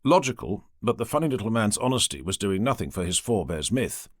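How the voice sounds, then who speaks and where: Casting: male audiobook narrator, lively, expressive pitch, dry booth sound. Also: fairly quick, no echo. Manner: expressive storytelling. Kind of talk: scripted narration.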